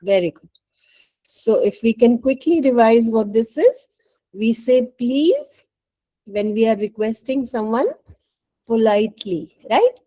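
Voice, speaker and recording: Slow, mellow Indian-accented woman teacher. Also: a little high, big pitch swings, low-quality recording. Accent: Indian English. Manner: patient, coaxing, often checks with "right?". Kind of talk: online English lesson.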